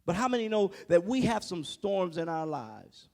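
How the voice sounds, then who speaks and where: A man preaching a sermon, building from hushed tones to shouting, firing rhetorical questions at the congregation. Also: sits high, big pitch swings, moderate pace, creaky. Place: large church sanctuary. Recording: long reverb of a church hall.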